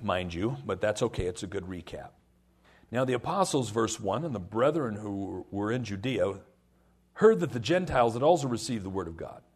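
Man, middle-aged, pastor; husky, lively sermon storytelling with put-on voices. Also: fairly low pitch.

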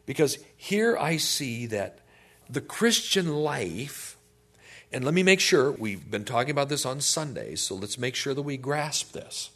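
A man's voice: mid-range voice, measured pace. A male pastor teaching a sermon in a conversational way, often asking listeners questions. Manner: conversational, animated, asks the audience questions.

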